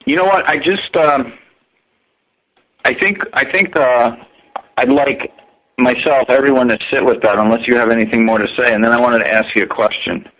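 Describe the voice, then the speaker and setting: A man's voice: medium pitch, normal speed, a bit bright, highs cut off. A man co-hosting a casual podcast conversation over a call, rambling and hesitant with many fillers. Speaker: co-host interviewer. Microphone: remote call.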